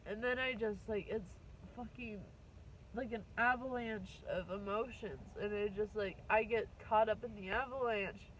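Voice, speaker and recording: A woman's voice: medium pitch, a little hiss or hum, poor audio. Upset twenty-something woman ranting to camera, rambling, cursing, choked up. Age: 20s. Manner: rambling, halting and swearing. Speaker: vlogger. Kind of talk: emotional venting vlog.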